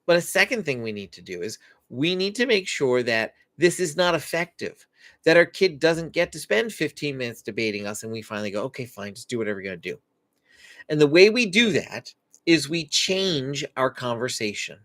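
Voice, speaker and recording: Animated man hosting a parenting stream. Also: a little high, normal speed, no room sound. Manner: animated, acts out parent and child quotes. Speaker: parenting show host. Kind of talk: live-stream Q&A teaching.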